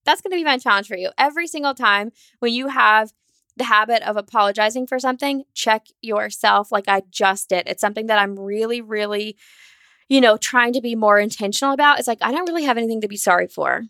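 A fired-up woman talks straight into the mic on her solo podcast, quick and candid, swearing now and then. Her voice sits a bit high, and the sound is dry and close. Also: a bit bright, no room sound. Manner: acts out her own anxious inner voice. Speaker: podcast host.

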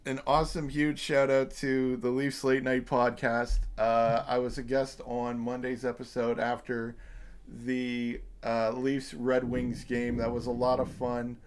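A man in his thirties hosts his podcast in loose, casual chat. His voice sits at an ordinary middle pitch, and he rambles through his points with plenty of filler words and the occasional swear. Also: flat delivery, a little slow. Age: 30s. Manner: rambling, profane, many fillers. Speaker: podcast host.

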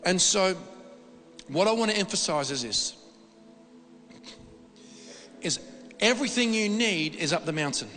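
A man preaching a sermon in a church hall, animated and repetitive, often restarting his sentences. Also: sits high, a little slow, pauses often, faint music behind. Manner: animated, repetitive, excitable delivery with frequent restarts. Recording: long reverb of a hall.

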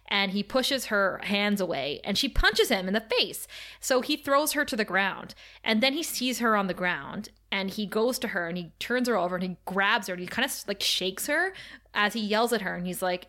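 A woman's voice: medium pitch, normal speed, sharp tone. A woman co-hosting a podcast in casual chat, retelling a TV episode by reading its lines aloud and laughing often. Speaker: podcast co-host recapping a TV episode.

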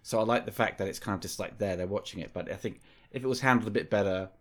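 A man's voice: on the low side, fast talker. A man talking as a guest on a film podcast, rambling and hesitant as he thinks aloud. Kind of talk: casual film discussion.

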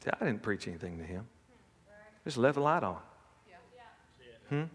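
A man's voice: fairly low pitch, very animated, moderate pace, a bit bright, breathy edge, big-room sound. A middle-aged man preaching a sermon, telling folksy personal stories. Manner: folksy storytelling with laughs and acted quotes.

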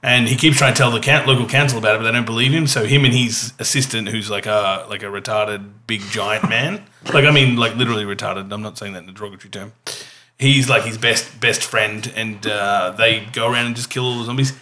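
A man's voice: on the low side, fairly even intonation, a little fast, sharp tone. A man hosting a casual group chat about films, rambling with fillers and laughing often. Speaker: podcast host.

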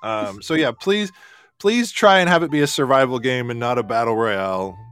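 A man's voice: mid-range voice, lively intonation, fairly bright tone, clean tone, no room sound. A man hosting a live chat show, playful and enthusiastic, calling on listeners. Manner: enthusiastic, playful, drawn-out announcements. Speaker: show host.

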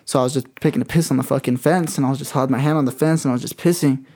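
A man of middle pitch tells a story in casual, profane talk. His telling is animated and full of fillers. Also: rapid-fire. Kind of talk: casual chat.

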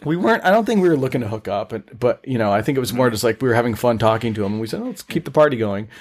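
Male co-host, animated storyteller, lively pitch, casual banter. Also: rapid-fire. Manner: animated storyteller, laughs often. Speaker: podcast co-host. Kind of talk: casual chat.

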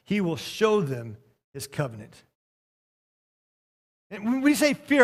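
High-voiced male pastor preaching. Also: sing-song, unhurried. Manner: preacherly, swings between soft and loud, quotes scripture. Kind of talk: sermon.

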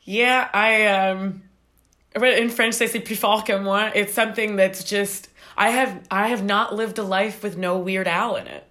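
A woman in her forties joins a podcast as a guest. She talks eagerly at a middle pitch, often stammering and repeating words as she rushes ahead. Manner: animated, stammering repeats, enthusiastic. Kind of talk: casual conversation.

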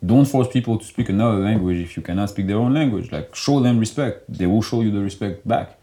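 Deep-voiced man, loose and animated. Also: fairly quick. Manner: loose and animated, heavy filler "like". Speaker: guest. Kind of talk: casual conversational interview.

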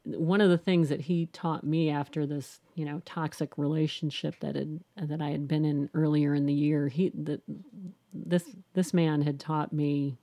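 A middle-aged woman with a low, mellow voice tells her own story as an interview guest. She speaks candidly and reflectively, circling back with restarts and "you know". The sound is dry and close. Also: level tone, normal speed, dry recording.

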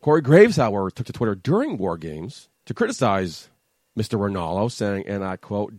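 A man co-hosting a casual podcast, talking with a flat, monotone voice. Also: lowish voice, normal speed, dry recording. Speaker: podcast co-host. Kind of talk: casual chat.

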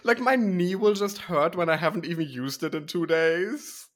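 A man's voice: high-pitched, moderate pace, a bit bright. A young man co-hosting a podcast, dramatic and playfully indignant in casual banter. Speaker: podcast co-host.

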